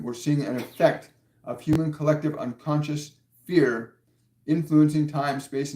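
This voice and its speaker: A man's voice: on the high side, a little mellow, reverberant. A man giving a live-streamed spiritual talk as a medium, answering viewer questions in an earnest, insistent way and repeating key words for stress.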